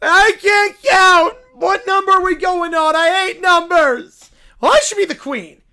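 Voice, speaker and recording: A woman's voice: a little slow, pushed and bright, full character voice. A woman voicing a whiny, spoiled bratty girl who whines and makes demands in a video clip. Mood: whining. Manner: shrill, whining, demanding.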